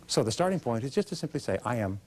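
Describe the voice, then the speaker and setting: This motivational speaker talks rapid-fire in a mid-range, slightly mellow voice with lively intonation. His seminar talk is emphatic, full of rhetorical questions and lines he has the audience say back.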